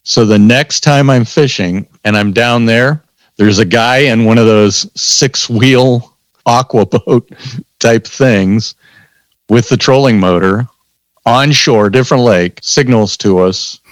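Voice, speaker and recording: A man telling stories in a casual chat, animated, acting out both sides of the conversations. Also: medium pitch, slow, dry recording. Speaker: podcast host telling stories. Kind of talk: casual storytelling.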